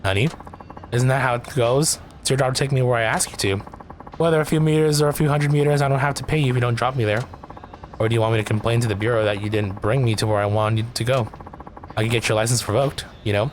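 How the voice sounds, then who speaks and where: A man's voice: medium pitch, fast, slight background noise, close to an everyday voice. A man voicing a rude, demanding woman taxi passenger who complains and scolds in a raised, haughty voice. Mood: scolding.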